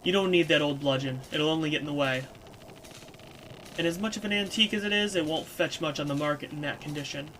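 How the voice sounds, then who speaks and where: A woman voicing a stern, cautious companion who speaks in a curt, measured way while reading a game aloud. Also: low voice, fairly bright tone, slight background noise.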